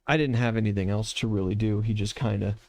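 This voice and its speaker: A man's voice: fairly low pitch, steady tone, quick pace, natural voice. A man voicing a timid little winged girl who talks hesitantly. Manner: hesitant, soft-spoken.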